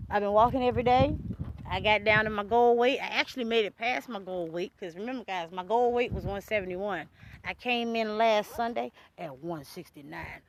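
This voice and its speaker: A woman vlogger ranting casually to her viewers, loud and animated, full of slang and swearing and quick laughs. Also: a little high. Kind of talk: casual rant to camera.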